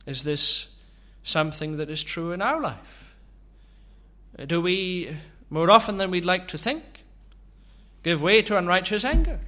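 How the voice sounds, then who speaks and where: Slow, bright-voiced male preacher. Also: high-pitched, expressive. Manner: slow, searching, rhetorical questions. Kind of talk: sermon.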